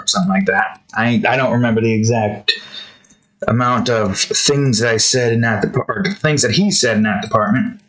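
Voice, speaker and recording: An artist vlogger chats casually while drawing, rambling through a story with lots of fillers. His voice is medium-pitched and a bit bright, at normal speed.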